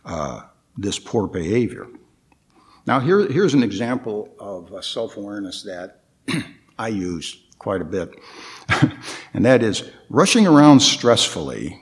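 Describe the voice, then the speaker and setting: A lower-voiced man gives a measured dharma talk, his pitch rising and falling in wide, expressive swings. He pauses often, trips over restarts and fillers, and turns to the listeners with questions. He speaks unhurriedly, letting each point settle. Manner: halting, with frequent fillers and restarts; reflective, questions the audience. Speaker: guest meditation teacher. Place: Buddhist temple hall.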